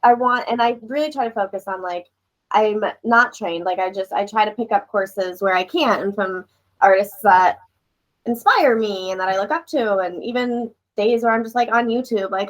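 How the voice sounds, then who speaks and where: A woman speaking as a guest artist on a casual podcast, enthusiastic, rambling and quick to laugh. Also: medium pitch, rough recording. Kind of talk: casual podcast interview chat.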